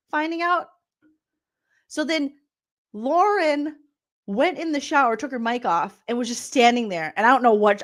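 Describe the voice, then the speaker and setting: A woman comedian recapping reality TV in a loud, profane, incredulous rant, laughing often. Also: a little high.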